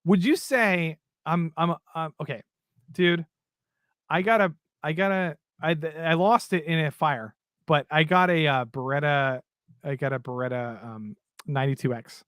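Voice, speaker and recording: A man co-hosting a podcast in casual chat, quick to laugh and to chime in with short agreements. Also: on the high side, fairly even intonation, fairly bright tone, clean tone, no room sound, clean studio sound. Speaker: podcast co-host.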